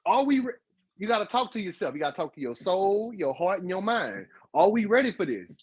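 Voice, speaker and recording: A man's voice: high-pitched, very animated, fairly quick, husky, no room sound, poor audio. A man co-hosting a relationship advice podcast, talking casually and animatedly, with emphatic repeats. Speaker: podcast co-host.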